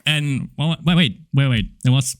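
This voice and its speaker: A woman's voice: a bass voice, moderate pace. A woman co-hosting a podcast, chatting casually, joking and laughing often. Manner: joking, laughs often, playfully throws in silly impressions. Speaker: podcast co-host. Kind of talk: casual chat.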